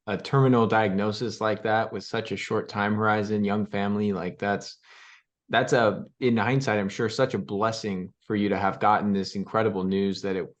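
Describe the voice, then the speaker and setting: A man's voice: on the low side, steady tone, normal speed. A young man hosting a podcast, casual and upbeat, asking long rambling questions. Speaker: podcast host. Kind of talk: conversational interview.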